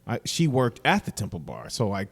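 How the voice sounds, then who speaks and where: Musician guy on a podcast, low voice, kinda halting, lots of ums. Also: wildly swooping pitch, vocal fry, breathy edge. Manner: reflective, halting, many fillers. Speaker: musician guest. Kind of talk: casual interview chat.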